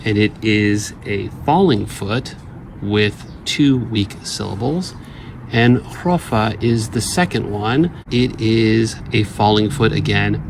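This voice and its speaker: A man's voice: fairly low pitch, background noise. A man teaching literature in an explanatory lecture, reading verse lines aloud and checking in with his listeners.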